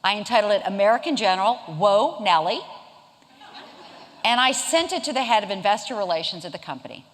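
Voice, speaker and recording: Speaking a little fast, a woman in her fifties from Charleston, South Carolina, tells a lively story during a keynote talk at an event hall. Her pitch jumps around a lot, and she blends humor with a chatty delivery. A long lecture-hall reverb carries the sound.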